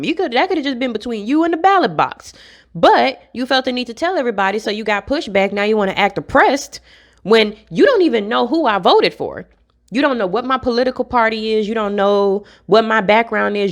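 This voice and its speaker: A young adult woman vlogging to camera in a casual rant, blunt and profane. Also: fairly high pitch.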